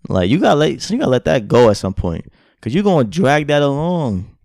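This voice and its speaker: A man's voice: a little high, very animated, brisk, creaky, darkish tone, no room sound, studio quality. A young man co-hosting a podcast in casual chat, speaking in a blunt, profane way. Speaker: podcast co-host.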